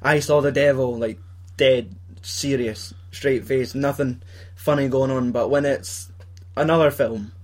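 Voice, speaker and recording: A man's voice: mid-range voice, fairly even intonation, measured pace, hardly any pauses. A young Scottish man chatting casually about films, swearing and laughing often as he acts out scenes. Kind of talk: casual film chat.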